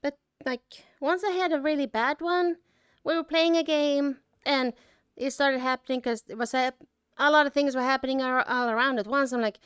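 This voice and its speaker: A woman giving an emotional personal reflection as an artist. She is choked up and holds back tears, talking haltingly with many restarts and trailing phrases. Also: sits high, fairly even intonation, a bit bright, dry recording, studio quality.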